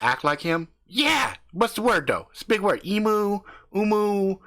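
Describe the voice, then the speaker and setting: A man voicing a brash, boastful, foul-mouthed husband who talks loud and swaggering, swearing all the time, in an improvised comic story. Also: sits high, sing-song, measured pace, voice pushed up, exaggerated voice. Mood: rambling.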